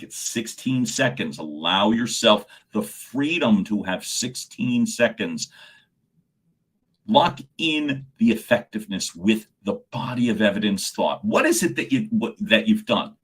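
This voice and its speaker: A man coaching on a livestream, talking animatedly and answering viewers' comments by name, often repeating words as he gets excited. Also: on the low side, slightly rough. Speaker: communication coach.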